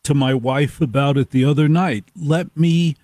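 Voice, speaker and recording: A man imitating a smooth-talking, ingratiating middle-aged fixer who flatters everyone in a slow, deliberate way. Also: on the high side, no echo, studio quality, lightly acted. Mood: smooth, flattering.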